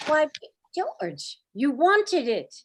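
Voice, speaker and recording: A woman's voice: high voice, wildly swooping pitch, drawn-out words, exaggerated voice. A woman reading the part of a flustered, scolding mother of the groom in a staged play reading.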